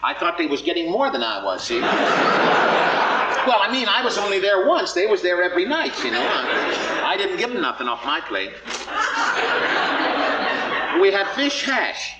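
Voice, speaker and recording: An actor playing a middle-aged, folksy, wisecracking cowboy humorist, delivering a live stage monologue with homespun grammar and teasing asides to the audience. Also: male voice, sits high, very animated, normal speed. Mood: wry. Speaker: one-man stage show performer. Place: theater stage before an audience. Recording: echoey, dull live stage recording from far off with loud noise. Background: audience laughter.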